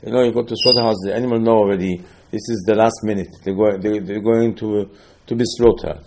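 Male preacher, husky, lively storyteller who shoots up in pitch when worked up. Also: a little fast. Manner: animated storytelling, rising to excited high-pitched outbursts. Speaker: rabbi. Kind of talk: sermon.

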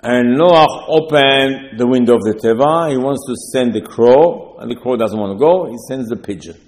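Storytelling rabbi in an echoing hall. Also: male voice, medium pitch, moderate pace, darkish tone. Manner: storytelling, conversational with asides and rhetorical questions. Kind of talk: sermon. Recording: long hall reverb.

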